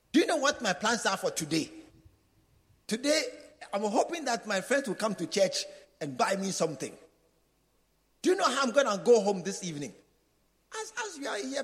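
A man's voice: high voice, fairly bright tone. A man preaching a sermon, dramatically acting out the voices of doubters and calling for responses from the congregation. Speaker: pastor. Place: church hall. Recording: long reverb of a large hall.

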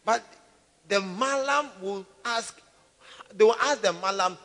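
A man preaches an emphatic sermon, peppering the congregation with questions. His voice sits very high and rings bright and piercing, with a long reverb trailing behind it in a church hall. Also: takes it slowly, long pauses.

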